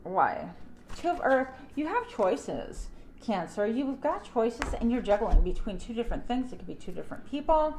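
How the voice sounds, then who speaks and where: A middle-aged woman giving a casual tarot reading to her audience, chatty and animated, with playful asides. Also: on the high side, slight background noise. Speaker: tarot reader.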